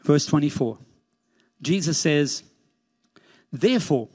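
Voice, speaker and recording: A man's voice: on the high side, lively intonation, measured pace, long pauses, breathy edge. A man preaching a sermon as pastor, emphatic, repeating key phrases and lifting his voice on scripture. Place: church sanctuary. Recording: long church reverb.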